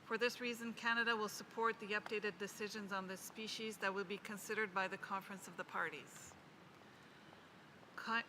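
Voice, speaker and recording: A woman delivering a formal, measured statement as a national delegate at a committee meeting, reading proposed text slowly. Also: mid-range voice, bright, forceful tone, slight background noise, rough recording. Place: large conference hall.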